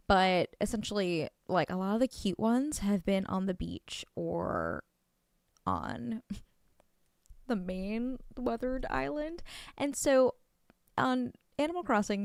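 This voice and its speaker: A woman streamer chats casually while playing a video game, gushing over cute things and often dropping to a soft near-whisper. Her voice is medium-pitched and creaky, recorded with studio quality and no echo.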